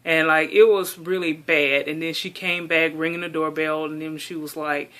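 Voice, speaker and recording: A woman's voice: sits low, steady tone, moderate pace, hardly any pauses, a bit bright. A woman venting in a casual vlog monologue, chatty and exasperated, saying "like" a lot. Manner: chatty and exasperated, heavy use of "like". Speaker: doll collector vlogger.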